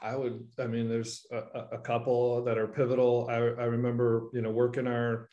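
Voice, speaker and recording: A man chatting as a podcast guest, speaking at an ordinary middle pitch with a roomy echo around him. he tells his stories in an animated way and acts out the voices of people he quotes. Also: moderate pace, lo-fi sound. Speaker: guest, painting business owner. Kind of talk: casual interview storytelling.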